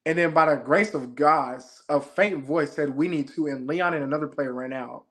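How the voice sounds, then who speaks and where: Animated young man telling a story. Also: a little high. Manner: fast, excited retelling, acting out his own shouts. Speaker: interview guest, former game show contestant. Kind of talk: animated storytelling in casual chat.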